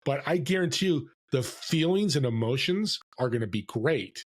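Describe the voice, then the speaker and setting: A man telling stories as a podcast guest, lively and acting out the voices of people he quotes. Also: mid-range voice, moderate pace, husky. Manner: animated storyteller, acts out quoted voices. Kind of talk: storytelling interview. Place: California.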